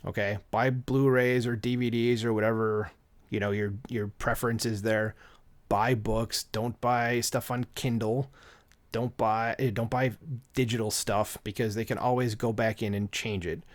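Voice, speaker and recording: A man's voice: fairly low pitch, flat delivery, moderate pace. A man hosting an opinion commentary vlog, talking in an indignant, sarcastic and rambling way, full of fillers, into a microphone at a home desk. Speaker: channel host.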